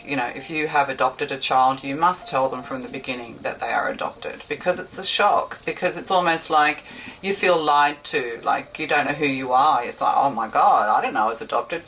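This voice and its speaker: Low-voiced woman rambling through a tarot reading. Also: fairly bright tone. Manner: rambling, chatty, self-correcting. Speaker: tarot reader. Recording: slightly distant mic with faint background hiss.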